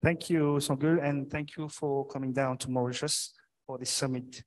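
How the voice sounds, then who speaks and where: A man moderating a live conference panel, halting with many fillers and restarts. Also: mid-range voice, steady tone. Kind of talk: hesitant live event moderating. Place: conference hall.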